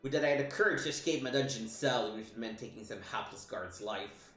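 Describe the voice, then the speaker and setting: Brief: bitter disgraced lancer villain read by a man, theatrical and sneering, mid-pitched, roomy sound. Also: fast talker, fairly bright tone, faint music behind, lightly acted. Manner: theatrical, scornful read-aloud.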